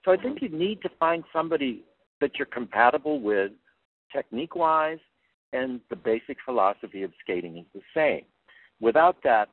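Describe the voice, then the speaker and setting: Older man coach on a phone line. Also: mid-range voice. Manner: earnest and plainspoken, repeats words as he thinks. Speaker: figure skating coach. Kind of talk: interview answers. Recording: tinny phone-line sound, dry.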